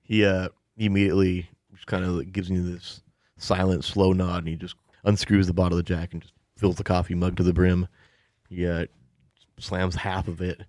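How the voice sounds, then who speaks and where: Man running a tabletop game, deep voice, dry close sound, laid back. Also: level tone, normal speed, a little mellow, dry recording. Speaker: game master.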